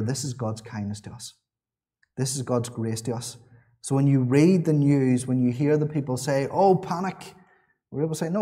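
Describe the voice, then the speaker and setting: A man's voice: mid-range voice, dark tone. A man preaching a sermon in a church, earnest and repeating his key phrases, with small restarts.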